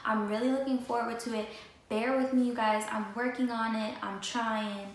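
A woman's voice: a little high, little pitch movement, moderate pace. A young woman vlogger chatting casually and with lots of energy, talking straight to her viewers about her new sneakers. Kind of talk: casual sneaker haul chat. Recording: echoey room with faint noise.

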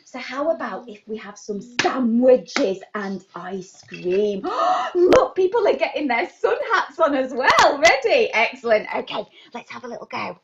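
A woman running a live online baby sign class, talking to toddlers in an animated, sing-song way. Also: fairly high pitch, moderate pace, gravelly, hardly any pauses, muffled recording, background noise.

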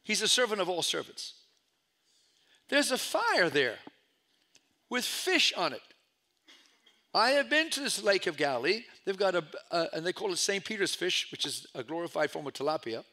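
A middle-aged male pastor preaches a storytelling sermon in a bright, ringing voice set a little high for a man. He swings between loud, lifted calls and quiet, hushed asides as he retells the scene. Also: very animated, normal speed, long pauses.

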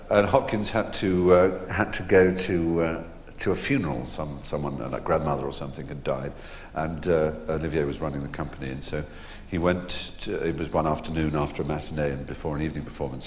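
A man's voice: rumbling low, fairly even intonation, brisk, few pauses. A middle-aged English man telling rambling anecdotes to a live audience, with many fillers and restarts. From England. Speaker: guest performer. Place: theatre stage. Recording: echoey hall, faint noise.

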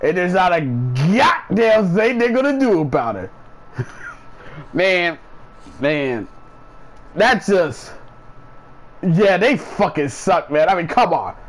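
A sports vlogger rants in a casual video, his high voice very animated yet slow, with frequent pauses. He swears heavily, repeats himself, and sounds incredulous, and the recording quality is low.

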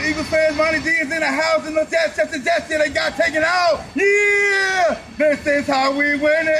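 A man shouting hyped fan chants and skits, loud and excitable. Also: extremely high pitch, moderate pace, hardly any pauses, echoey room, very noisy. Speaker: sports fan personality.

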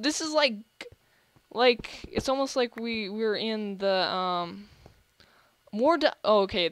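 A young adult gaming host giving excitable, gushing let's-play commentary, often restarting sentences. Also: medium pitch, smooth, no echo.

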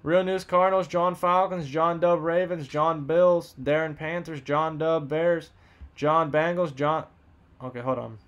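A man hosting a live card box break, rattling off buyer names and teams in quick upbeat banter while losing his voice. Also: fairly high pitch, steady tone, a bit bright, lo-fi sound.

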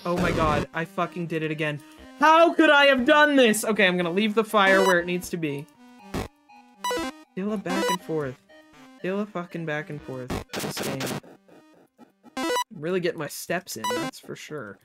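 Exasperated streamer, heavy swearing, mutters then yells, music clearly playing underneath. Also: medium pitch, lively intonation, normal speed, long pauses. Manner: frustrated, swears a lot, talks to self and chat; swings from muttering to sudden loud outbursts. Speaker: livestreamer. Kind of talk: live gameplay commentary.

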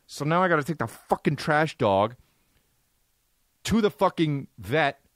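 Profane, exasperated comedian host. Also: male voice, fairly high pitch, expressive, unhurried, no room sound, studio quality. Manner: profane, exasperated, punchy delivery. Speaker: podcast host. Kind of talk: comedic storytelling monologue.

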